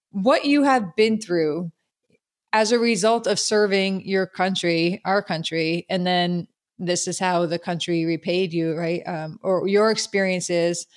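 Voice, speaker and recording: A podcast host interviewing a guest, encouraging and quick with short agreements. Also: mid-range voice.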